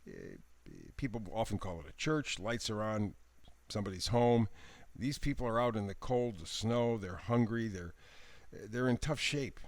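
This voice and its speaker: A man giving a daily tarot reading in a gentle, encouraging voice. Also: lowish voice, expressive, normal speed, dry recording. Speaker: tarot reader.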